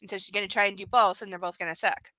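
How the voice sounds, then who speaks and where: A woman's voice: medium pitch, fairly even intonation, rapid-fire, sharp tone, no room sound. A young adult woman doing a live reading of a book, breaking off into mocking, sarcastic commentary. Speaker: reader and commentator.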